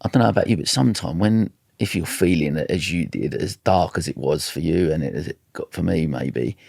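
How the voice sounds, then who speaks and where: A man's voice: low voice, brisk, creaky, a little mellow, slightly rough, no room sound, studio quality. A man, a podcast host rambling through his thoughts with many restarts. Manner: rambling, restarts, says "mate". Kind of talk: casual conversation.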